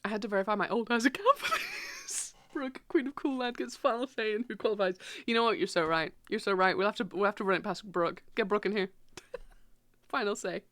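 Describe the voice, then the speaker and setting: A woman's voice: medium pitch, dry recording. A woman in her thirties livestreaming from her PC at home, chatting casually, swearing freely and laughing often. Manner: animated, swearing, quick to laugh. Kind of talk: casual chat while streaming.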